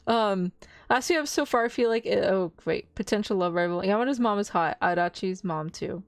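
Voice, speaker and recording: A woman's voice: medium pitch, very animated, quick pace, dry recording. A young woman streamer chatting casually and rambling, often giggling. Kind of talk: casual chat.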